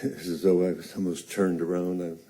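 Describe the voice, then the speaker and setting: An older man slowly telling a personal story on stage, halting and earnest. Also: low voice, level tone, dark tone.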